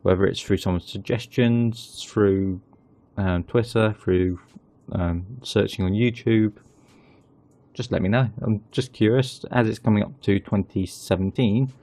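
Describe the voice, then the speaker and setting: A man hosting his gaming channel, chatting casually through a football management game and getting excited at goals. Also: fairly low pitch, a little slow, dry recording.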